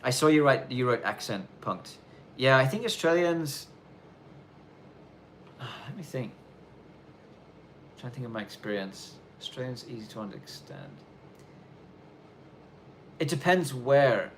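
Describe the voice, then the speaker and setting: Animated yet a little slow, this mid-range male voice pauses often and carries a fairly bright tone over slight background noise. He's a livestream host doing a casual live Q&A in snowy rural Japan, talking loosely with plenty of fillers and restarts.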